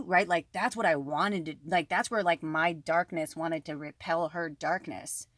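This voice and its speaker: A woman telling a personal story to her viewers in a casual, animated way, with lots of fillers and frequent swearing. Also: lowish voice, normal speed, few pauses, no echo, clean studio sound. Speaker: spiritual medium.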